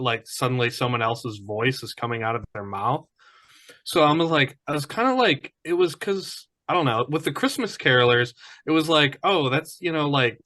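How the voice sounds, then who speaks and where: A man with a bright, forward voice of middling pitch, thinking aloud in a relaxed chat. He muses and circles around his ideas with loose filler words. The talk is unscripted and conversational. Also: no room sound. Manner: musing, thinks aloud about meaning. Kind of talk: casual film discussion.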